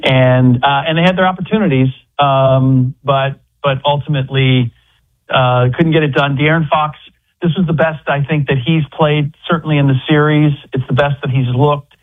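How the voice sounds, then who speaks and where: A guest basketball analyst, a man, talks in loose, halting runs and restarts his sentences again and again. His voice sits a bit high and comes through a dull, lo-fi remote line. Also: steady tone. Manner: rambling with many restarts. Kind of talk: casual sports chat by phone.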